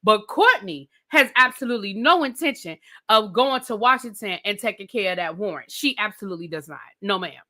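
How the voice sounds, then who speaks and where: Sassy, bright-voiced woman ranting about TV. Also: fairly high pitch, fairly quick, hardly any pauses. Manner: animated, blunt and sassy, swears freely. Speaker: TV show reviewer. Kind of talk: casual ranting commentary.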